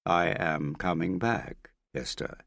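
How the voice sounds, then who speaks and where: A man playing a calm, evasive male schemer who deflects accusations patiently. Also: low voice, a little slow, gravelly, no room sound, clean studio sound, full character voice. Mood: cool. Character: smooth evasive middle-aged male schemer.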